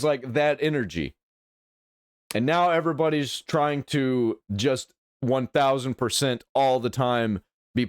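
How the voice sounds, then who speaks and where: A man's voice: mid-range voice, no echo. Blunt sweary guy reacting to vids, middle voice, dry close mic. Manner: blunt, profane, opinionated. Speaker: host reacting to videos. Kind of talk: casual reaction commentary.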